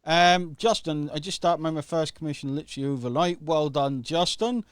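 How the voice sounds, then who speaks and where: A man's voice: fairly high pitch, normal speed, smooth, no room sound, studio quality. Upbeat man hosting an interview. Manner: enthusiastic, uses "okay?" often. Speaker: host. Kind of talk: casual interview.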